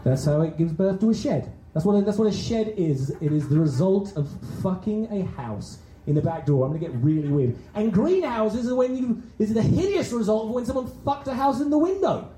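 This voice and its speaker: Crude rambling stand-up comedian. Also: male voice, sits high, expressive, a little fast, hardly any pauses, warm tone, reverberant, poor audio. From England. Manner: rambling, self-deprecating, crude, talks back to a small audience. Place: small comedy venue with few people.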